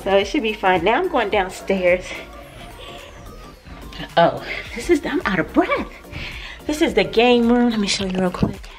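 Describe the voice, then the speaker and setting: A woman's voice: mid-range voice, darkish tone. A woman vlogger giving a casual house tour, chatting and laughing often as she thinks aloud. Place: indoors in a large vacation house, later on a deck. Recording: background music under the voice.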